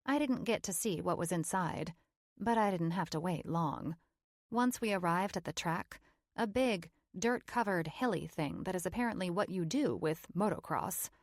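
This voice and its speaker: A woman's voice: lowish voice, no echo, studio quality. A woman narrating a first-person romance audiobook in a wry, playful storytelling manner.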